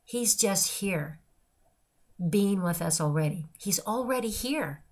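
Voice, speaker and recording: An older woman speaks in an earnest, heartfelt devotional talk, piling up phrase after phrase in long lists. Her pitch sits in a middle range for a woman. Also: animated, takes it slowly. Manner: earnest and repetitive, listing phrases. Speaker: christian speaker.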